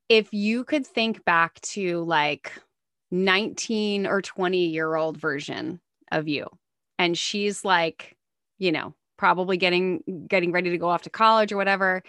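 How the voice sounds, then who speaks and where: A chatty, effusive woman hosts a casual interview, her speech full of "like." Her voice sits fairly low. The sound is dry and close. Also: fairly bright tone, no room sound. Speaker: podcast host, interviewer.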